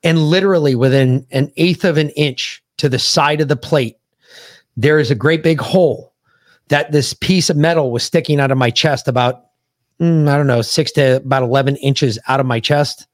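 A man from the United States hosts a podcast and tells a war story bluntly, with plenty of swearing. His voice sits at a middle pitch for a man. The sound is dry and close, with no room in it. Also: normal speed, no room sound. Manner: blunt, profane, animated retelling of combat. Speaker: podcast host. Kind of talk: casual storytelling.

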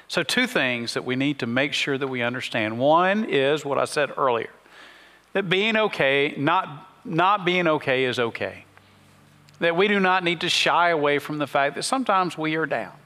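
A man's voice: sits high, pushed and bright, big-room sound. A man preaching a sermon as a pastor, earnest and full of rhetorical questions. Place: church sanctuary.

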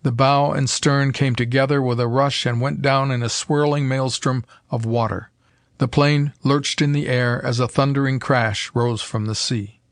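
A man reads a pulp adventure story in a steady, measured way. His voice sits at an ordinary middle pitch and sounds close and dry, with no room around it. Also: no room sound. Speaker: audiobook narrator. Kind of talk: scripted narration.

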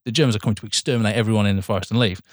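A man's voice: lowish voice, rapid-fire, dry recording. Guy rambling on a podcast, laughs a lot, dry close sound. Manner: chatty, laughs often, rambling film opinions. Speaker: podcast co-host. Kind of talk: casual chat.

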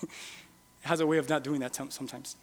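A male pastor preaching a sermon in a casual, animated way, firing rhetorical questions at the congregation. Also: medium pitch, brisk. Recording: long reverb in a large hall.

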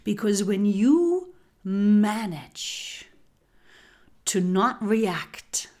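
A woman hosting a spiritual podcast speaks at a slow, unhurried pace in a mid-range voice. Her phrasing repeats like an incantation, and she often drops into a whisper to stress a point. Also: mid-range voice, lively intonation, darkish tone. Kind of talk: slow spiritual guidance talk.

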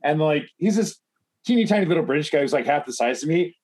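A man's voice: a little high, lively intonation, fast talker, a little mellow. A man telling a bar story in casual chat, rambling and profane with many fillers. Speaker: guest.

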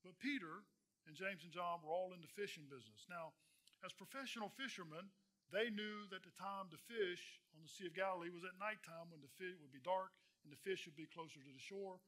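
A male pastor preaching a sermon, earnest, repeating phrases and swelling louder on key points. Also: high voice, a little fast.

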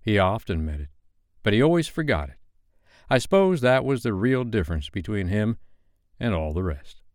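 Smooth, low male bedtime storyteller. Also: very animated, normal speed, a little mellow, no room sound, clean studio sound.

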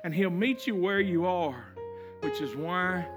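A man preaching a sermon, dropping to a hush and then building to emphatic, rhythmic repeated phrases. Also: high voice, a little slow, over music. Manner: swings between hushed and emphatic preaching; repetitive, rhythmic lists of phrases. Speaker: pastor.

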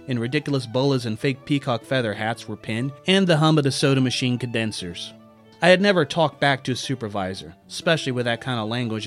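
A man tells a personal story with dry, wry humor, his voice sitting at an ordinary middle pitch. Faint guitar music runs quietly beneath his narration. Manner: wry, self-deprecating storytelling with character voices.

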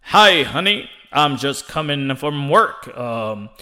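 A man impersonating a formal male boxing interviewer who talks in a drawn-out announcer voice even in private. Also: full character voice. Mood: stiff, announcing. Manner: deep, drawn-out announcer delivery.

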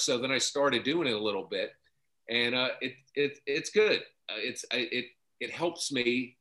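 A man chatting casually as a guest, halting and stopping to restart his sentences. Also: medium pitch, bright, forceful tone. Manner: halting, many restarts and fillers. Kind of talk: casual chat.

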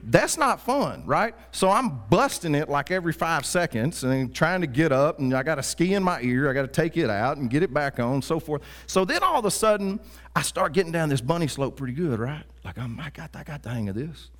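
A pastor telling a funny personal story in a sermon, with lively asides to the congregation. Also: male voice, fairly high pitch, a little fast. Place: church.

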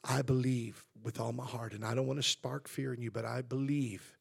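Man, pastor, sermon, husky, gravelly, swings between loud emphasis and hushed tones. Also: level tone, moderate pace. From Southern California. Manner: swells loud and high for emphasis, then drops to hushed tones.

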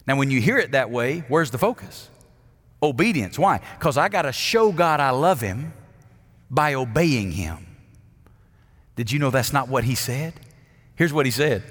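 A middle-aged pastor preaching with a fairly high voice, shifting between ringing emphatic peaks and near-whispered asides. The sound carries a long reverb tail, like a big church sanctuary. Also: male voice, a little fast. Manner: dramatic swings between loud emphatic preaching and hushed intimate asides. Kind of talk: sermon.

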